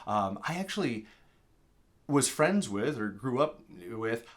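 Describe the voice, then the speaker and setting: A man's voice: medium pitch, very animated, slow pace. An American man from Minnesota giving a casual, rambling language lesson. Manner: chatty, rambling, with fillers and digressions. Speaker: language teacher.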